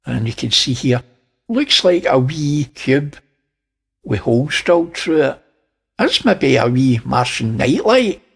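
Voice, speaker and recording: A Scottish man, the channel's host, walks viewers through images and picks out details, throwing in wry asides. His mid-range voice is sing-song and a little slow, with a creaky, slightly rough edge.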